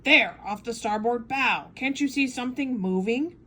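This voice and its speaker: A woman doing a loud, eager harpooner. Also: on the high side, moderate pace, slight background noise. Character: eager brash male harpooner, a sailor.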